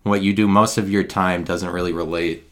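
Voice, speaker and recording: A Midwestern American man delivers a rambling, digressive solo monologue into a handheld recorder, alternating between halting and sardonic. His voice sits low, with a steady, fairly bright tone.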